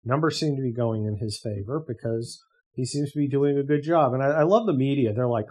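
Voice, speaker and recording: A man's voice: mid-range voice, a little fast, warm tone, husky. A man hosting a podcast, talking casually in a sarcastic, profane rant. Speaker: podcast host. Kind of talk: casual monologue.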